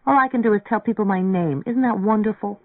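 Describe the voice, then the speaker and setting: A man's voice: high voice, fast, no room sound, voice pushed up. A man voicing an earnest, naive young woman in an audiobook reading, with a dry, phone-like narrow sound. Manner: earnest, wistful.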